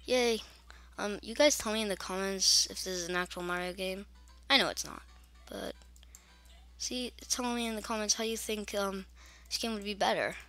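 A woman's voice: mid-range voice, normal speed, fairly bright tone, faint music behind. A young woman casually commenting on a game as she plays it, chatty and grumbling, with mock-scared asides. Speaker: gaming channel host.

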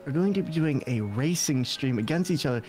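A man's voice: medium pitch, animated, brisk, a little mellow, soft background music. Polite, earnest man streamer. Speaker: streamer guest. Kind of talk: casual chat on a live stream.

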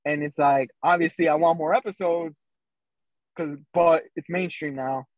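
A man's voice: a little high, steady tone, normal speed, no echo. Podcast co-host, man, rambling casual storyteller, muffled remote-call sound. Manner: loose storytelling with many fillers. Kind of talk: casual chat.

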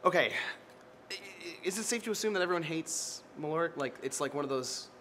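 A man's voice: a little high, animated, brisk, a bit bright, slight background noise. A man, a comedian, chatting casually as a guest, rambling and laughing at his own jokes.

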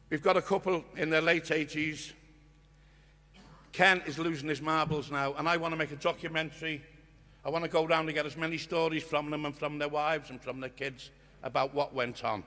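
Older man speaking in an echoing hall. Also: a little high. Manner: earnest, swings from hushed to shouting, swears. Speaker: guest speaker at a union conference. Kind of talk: impassioned storytelling speech. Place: conference hall. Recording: long reverb of a conference hall.

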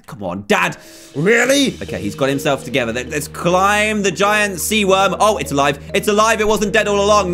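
A young man giving playful, excitable gameplay commentary, often exclaiming as he plays. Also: high voice. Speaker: gaming video host.

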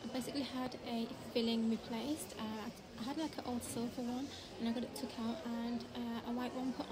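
A woman's voice: on the high side, steady tone, brisk, over a noisy crowd. A woman vlogging in casual, rambling chat, slightly out of breath, with lots of fillers and restarts. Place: shops and home, indoors.

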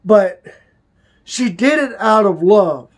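Vlogger, male, high voice, slow, emotional halting delivery, confessional. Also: lively intonation. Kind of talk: personal confessional vlog.

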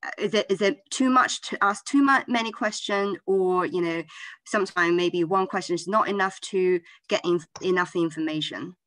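A woman's voice: on the low side, normal speed, a bit bright, dry recording. A woman from China moderates a webinar over a video call and asks a long question. She speaks hesitantly, with many fillers.

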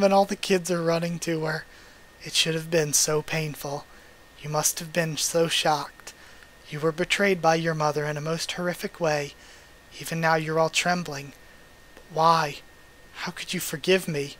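A man's voice: fairly high pitch, steady tone, normal speed, a bit bright, slight background noise, poor audio. A man hosting a manga readthrough, reading the dialogue aloud and breaking off for emotional, chatty asides.

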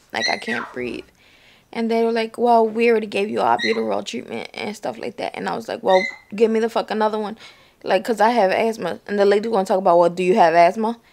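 A woman's voice: medium pitch, gravelly. A young woman vlogging to camera from home, talking casually in slang and swearing bluntly, worn out and in pain after surgery.

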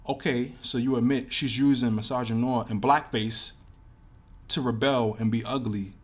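A man's voice: mid-range voice, steady tone, normal speed. A man hosting a casual commentary video, talking loosely and thinking aloud with lots of fillers. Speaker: commentary host.

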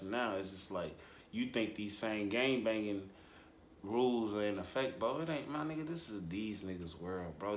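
Guy doing a loose reaction rant, drawly, keeps repeating stuff, squeaks up high on the big bits, roomy echo. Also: a little hiss or hum. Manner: animated, drawling, repetitive, voice jumps high for emphasis. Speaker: commentary host. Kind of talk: casual reaction commentary.

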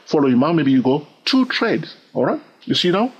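A man with a French-influenced accent, teaching a trading lesson in an animated way and often checking in with "all right?". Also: a little high, normal speed, husky. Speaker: trading instructor. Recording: dull lo-fi recording.

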